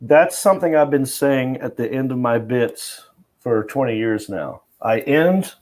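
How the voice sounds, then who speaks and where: A man's voice: medium pitch, unhurried, darkish tone. A comedian guest telling a story in a casual chat, laughing often as he goes.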